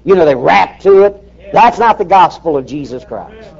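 A man's voice: fairly high pitch, expressive, moderate pace, gravelly, darkish tone. A man preaching a fiery sermon in an emphatic, folksy way, firing rhetorical questions at the congregation. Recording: dull lo-fi recording.

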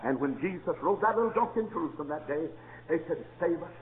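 A man preaching a sermon, telling stories and rising into shouted praise. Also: on the high side, animated, fast talker, slight background noise. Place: church. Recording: echoey hall, tinny lo-fi sound.

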